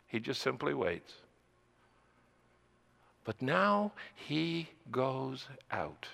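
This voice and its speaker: Slow gravelly older man preaching. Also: mid-range voice, very animated, pushed and bright, long reverb tail. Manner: slow, deliberate, repeating phrases for emphasis. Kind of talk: sermon.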